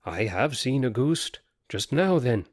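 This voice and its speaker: A shaken countryman who speaks insistently in a rustic dialect, as a man puts him on. His pitch moves a lot, and the voice sounds dry and close. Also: very animated, measured pace, no room sound. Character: frightened countryman who saw a ghost.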